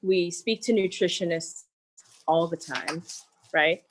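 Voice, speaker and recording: A woman's voice: fairly low pitch, slow pace, rough recording. A woman co-hosting a cooking show, talking casually and with enthusiasm about food. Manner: enthusiastic, expressive. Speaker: co-host.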